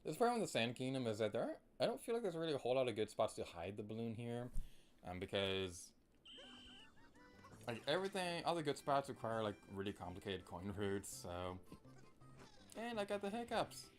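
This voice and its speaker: A man's voice: medium pitch, big pitch swings, a little fast, soft background music. A young man chatting casually and playfully while streaming a video game, humming and singing along now and then. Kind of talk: casual gameplay commentary.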